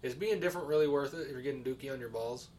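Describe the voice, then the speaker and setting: A man's voice: mid-range voice, racing, darkish tone, far from the mic, slight background noise. A man from the United States co-hosting a podcast, bantering in a crude, joking way with plenty of swearing. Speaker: podcast co-host. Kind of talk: casual chat.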